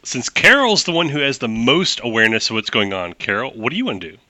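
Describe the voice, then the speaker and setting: A man's voice: mid-range voice, big pitch swings, fast talker, sharp tone, no room sound. A man narrating a tabletop game as game master, explaining rules at length with frequent restarts.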